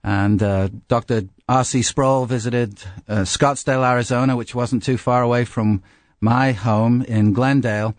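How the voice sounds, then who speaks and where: A middle-aged English man preaching, his accent softened by a slight American twang. He talks conversationally, with self-deprecating humor, in a mid-pitched voice. The sound is dry and close, with no room echo. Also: steady tone, unhurried. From England. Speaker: pastor. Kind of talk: sermon.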